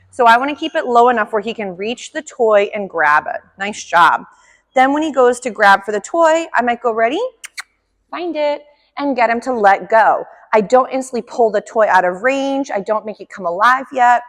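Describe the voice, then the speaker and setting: A woman's voice: on the high side, a bit bright. A woman dog trainer giving a friendly, chatty demonstration lesson, talking through each step and praising the dog as she works. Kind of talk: instructional demonstration. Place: indoor training room. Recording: echoey room reverb.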